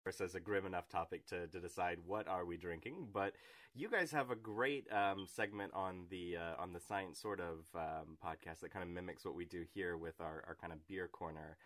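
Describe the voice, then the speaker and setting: A man's voice: sits low, moderate pace, fairly bright tone. A man hosting a podcast, chatting casually and playfully about science and beer. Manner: playful, tries a silly put-on voice while joking about beer. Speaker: podcast host.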